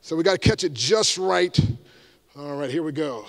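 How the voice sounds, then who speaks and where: A man, an evangelist giving an energetic motivational talk to a live audience, with shouted call-and-response. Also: fairly high pitch, normal speed, creaky. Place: large room before a live audience.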